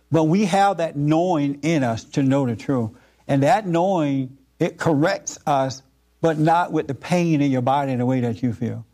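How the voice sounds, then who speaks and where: A man giving an informal spiritual talk to a group, earnest and repetitive, with frequent halting fillers. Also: on the high side, vocal fry, dark tone.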